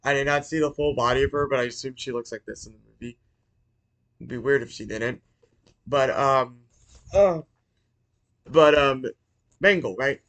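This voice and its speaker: A man casually recapping a movie for his channel, rambling with restarts and apologies, excitable and swearing. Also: mid-range voice, moderate pace, pauses often. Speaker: YouTuber reviewing a movie.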